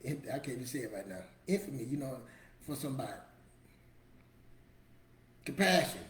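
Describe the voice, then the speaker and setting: A man's voice: medium pitch, very animated, moderate pace, pauses often, a little hiss or hum. A middle-aged man hosting a motivational show, talking casually and emphatically, repeating his points in a colloquial, preachy way. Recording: roomy echo with faint ambience.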